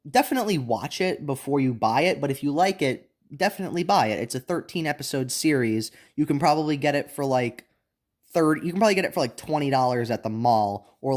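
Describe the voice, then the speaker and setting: A young man with a voice of ordinary middle pitch talks through his opinions on a show. He rambles loosely, doubling back on words and filling pauses with ums. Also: a little mellow. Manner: rambling, many restarts and fillers. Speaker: anime reviewer. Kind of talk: casual unscripted review.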